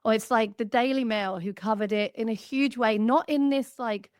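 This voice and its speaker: An Australian woman in her thirties, a guest author talking in a chatty, animated way on a podcast. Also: on the high side, normal speed, few pauses, no room sound, studio quality. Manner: animated, chatty, lots of "like" fillers. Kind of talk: podcast conversation.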